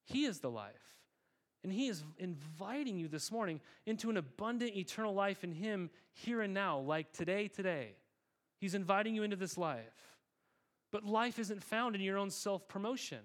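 A man's voice: high-pitched, moderate pace. A male pastor giving a sermon in a conversational, emphatic way, often repeating words.

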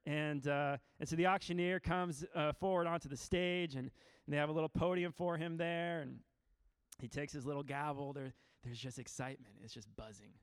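A man's voice: fairly high pitch, normal speed, smooth, dry recording. A man preaching a sermon, telling a story and acting out the lines of its characters with emphasis. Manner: storytelling with acted-out quotes, lively and emphatic. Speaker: pastor.

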